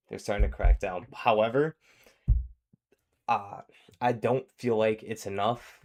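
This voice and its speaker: A man giving casual reaction commentary, rambling with frequent fillers and restarts. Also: fairly low pitch.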